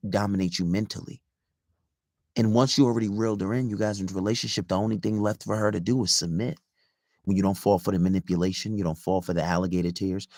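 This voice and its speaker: A man's voice: fairly low pitch, gravelly, dry recording, studio quality. A man as a dating coach, giving casual advice in an emphatic, profane way, repeating his points and asking "right?".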